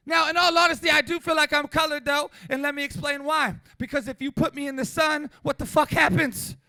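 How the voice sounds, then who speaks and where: A man in his forties doing a profane stand-up routine at a small comedy venue, brash and loud, often breaking into shouts. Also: extremely high pitch, steady tone, a little fast, hardly any pauses, dry recording.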